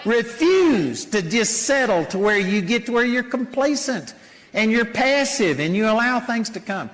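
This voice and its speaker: Older preacher, high lively voice, folksy sermon delivery in a reverberant hall. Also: male voice, a little slow. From Texas. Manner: animated, folksy storytelling with mock voices.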